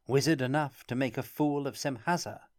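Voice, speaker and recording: A man's voice: mid-range voice, normal speed, darkish tone, pitched above the performer's own voice, lightly acted. A man voicing a mocking, dismissive nobleman in an audiobook reading. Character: mocking male nobleman host.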